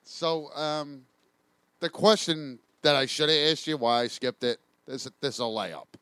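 A man co-hosting a casual sports show from a bar, asking trivia and talking in a laid-back, halting way. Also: a little high, pushed and bright, clear, resonant tone, dry recording. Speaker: sports talk show co-host.

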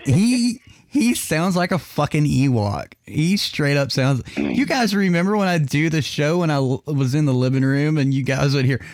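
A man's voice: a little high, lively intonation, normal speed, no room sound. A man co-hosting a podcast, chatting casually, swearing freely and laughing as he tells stories. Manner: profane, laughing storyteller. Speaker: podcast co-host. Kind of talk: casual chat.

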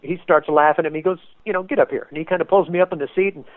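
A man guest telling a story in an animated way, acting out quotes with sudden loud bursts, as a race car paint designer. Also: on the high side, rapid-fire, no room sound. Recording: tinny phone-like line, dry.

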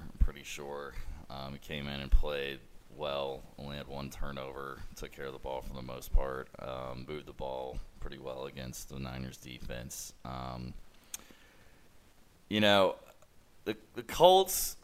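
A man's voice: rumbling low, a bit bright, a little hiss or hum. A man co-hosting a sports podcast, chatting casually and joking, with a laid-back manner and lots of fillers. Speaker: podcast co-host.

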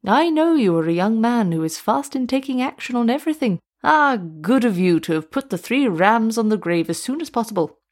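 A woman voicing a frightened, pleading old male witch doctor in a storybook reading, drawing his words out high and slow. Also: animated. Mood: cheerful. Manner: high, drawn-out, pleading delivery.

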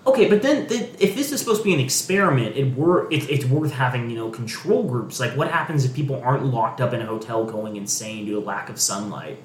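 A man's voice: mid-range voice, animated, fairly quick, hardly any pauses, a little hiss or hum. A man in casual chat, making sarcastic, wry remarks about a reality show. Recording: echoey room, faint ambience.

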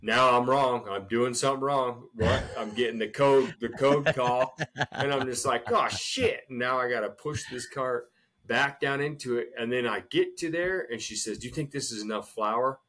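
A man co-hosting a casual podcast, telling a long shopping story in an animated way and often calling his friend "dude.". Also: moderate pace. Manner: animated storyteller, swings loud and high acting out scenes, says "dude" a lot. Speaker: podcast co-host.

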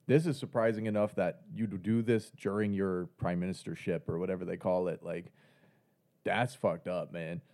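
A man's voice: low-pitched, steady tone, normal speed, warm tone. A man from Canada co-hosting a podcast, laid-back and slangy with dry humor. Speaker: podcast co-host. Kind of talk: casual chat.

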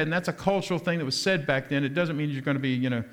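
High-voiced man preaching a lively sermon. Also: very fast. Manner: lively preaching with rhetorical questions and shifting pace. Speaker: pastor.

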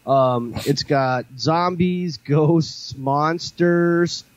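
A man's voice: a little high, drawn-out words, no room sound, dull audio. A man co-hosting a casual podcast, telling a long story with many fillers and restarts. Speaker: podcast co-host. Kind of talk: casual chat.

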